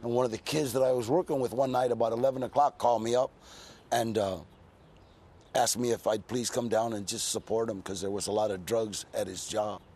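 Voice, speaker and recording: A man's voice: lowish voice, fairly even intonation, fairly quick, darkish tone. A man in his sixties from California, telling stories in a casual interview with a laid-back, streetwise manner, dropping in plenty of "you know.". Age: 60s. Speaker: interview guest.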